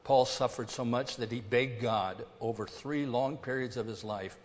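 A man preaching a sermon as pastor, emphatic and deliberate, his delivery swinging between hushed and loud. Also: medium pitch, a little hiss or hum. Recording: long hall reverb.

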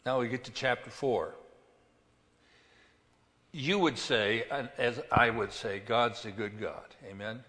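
Pastor, male, slow deliberate sermon delivery, bright tone, church hall echo. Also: mid-range voice. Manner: slow, emphatic preaching with scripture reading.

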